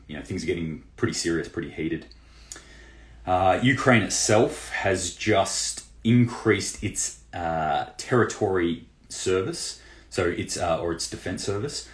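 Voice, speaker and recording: A man hosting a casual news roundup for a prepping channel, loose and conversational with lots of fillers and restarts. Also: low-pitched. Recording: roomy echo.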